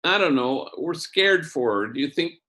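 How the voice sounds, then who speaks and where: Worried ex-gang father, pleading and pitched up, as a man quotes him. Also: lively intonation, moderate pace, bright, forceful tone. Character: anxious middle-aged father, a former gang member.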